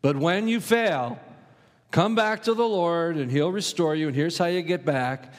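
A man's voice: on the high side, unhurried, voice pushed up, lightly acted. A male preacher voicing Moses as a weary, cynical old man scolding his people, curt and sarcastic. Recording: long hall reverb.

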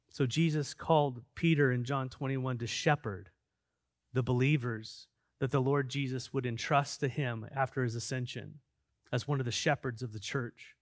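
A man preaching as a pastor, earnest and emphatic, dropping to quiet stretches and then building back up. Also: medium pitch, fairly even intonation, moderate pace, no room sound, clean studio sound. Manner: earnest, emphatic preaching that swings between soft and loud. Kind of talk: sermon.

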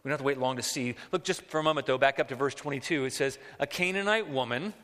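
A man's voice: medium pitch, fairly even intonation, racing, fairly bright tone. A man preaching a sermon as a pastor, talking conversationally and acting out quotes. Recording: long hall reverb.

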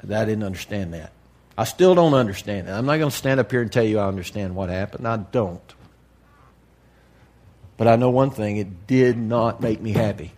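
A man preaching to a congregation in a candid, folksy way, dropping to a hush and then rising to loud emphasis. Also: fairly low pitch, normal speed. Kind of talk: sermon.

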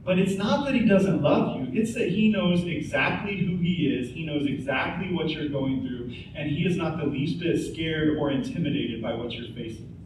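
Pastor in his forties, earnest conversational sermon, bright high voice, heard from afar in a roomy hall. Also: lively intonation, normal speed, background noise. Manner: earnest, conversational preaching with rhetorical questions. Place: church sanctuary. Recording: echoey hall, speaker far from mic.

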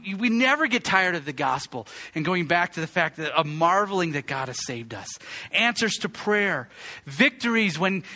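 Male pastor, sermon. High voice, bright and forceful, emphatic delivery with rhetorical questions. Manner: shifts between soft asides and loud repeated exclamations.

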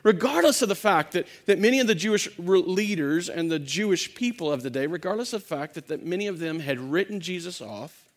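In a fairly quick sermon, a male pastor whose voice sits high tells a lively story, voicing the quoted lines dramatically and restarting sentences again and again.

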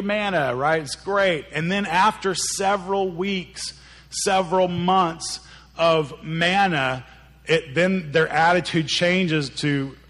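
A man's voice: fairly high pitch, a bit bright. A man preaching a sermon, retelling stories in a conversational way and acting out the characters' lines, often repeating words as he goes. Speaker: pastor.

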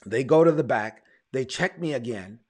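A man's voice: mid-range voice, lively intonation, moderate pace, warm tone, husky. A man, a pastor telling his testimony in a sermon, repeating words as he tells the story. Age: 40s.

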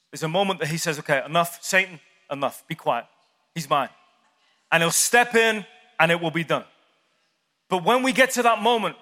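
A man's voice: sits high, pushed and bright. A man preaching a sermon, telling the story with animation and asking the crowd questions. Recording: long hall reverb.

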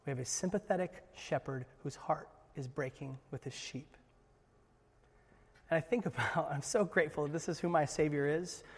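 High-voiced preaching man in a reverberant hall. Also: normal speed, breathy edge. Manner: earnest, jokey asides, swings from loud to hushed. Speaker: pastor. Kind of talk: sermon. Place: church hall.

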